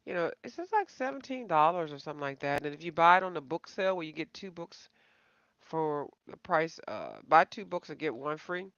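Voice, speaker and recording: Bright, rambling woman chatting to viewers. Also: deep voice, lively intonation, brisk, dry recording. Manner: self-deprecating. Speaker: coloring channel host. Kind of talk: casual live-stream chat. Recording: slightly dull, dry home recording.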